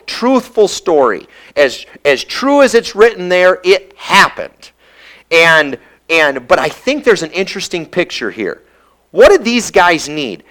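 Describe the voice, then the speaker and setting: A man preaching a sermon, retelling a scripture story with animated storytelling and briefly acting out the characters' voices. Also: a little high. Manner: reads scripture aloud in a measured cadence.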